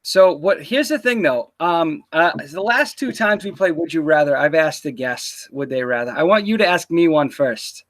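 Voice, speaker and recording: A man's voice: on the high side, lively intonation, moderate pace, few pauses, a bit bright. A man hosting a casual livestream interview, teasing and swearing loosely as he chats into a computer mic. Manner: teasing, profane, loose banter.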